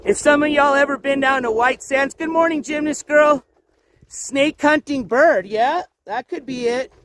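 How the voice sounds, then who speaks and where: Man, high voice, casual walk-and-talk streamer, coaxes his dogs, outdoor riverbed with dogs around. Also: a little slow, a bit bright, a little hiss or hum. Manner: chatty, coaxing his dogs in a raised voice. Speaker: livestream host. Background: dogs moving about outdoors.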